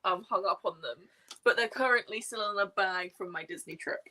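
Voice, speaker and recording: A woman's voice: mid-range voice, a little fast, pushed and bright. A woman in a casual chat with friends on a video call, chatty and giggly.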